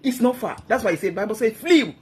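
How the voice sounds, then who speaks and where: A woman speaks as a guest on a talk program. She exhorts her listeners in a forceful, preachy way and repeats key phrases to drive her points home. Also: a little high, lively intonation, fast, slightly rough. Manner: emphatic, exhorting, repeats herself.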